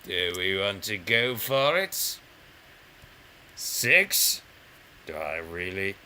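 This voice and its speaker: A man chatting his way through a brain-training game in a bright, sharp voice. He rambles, mocks himself and counts numbers aloud as he goes, with a faint hiss under the recording. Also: low voice, very animated, extremely slow. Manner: rambling, self-mocking and playful, counting aloud while playing. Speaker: gaming channel host. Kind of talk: casual gameplay commentary.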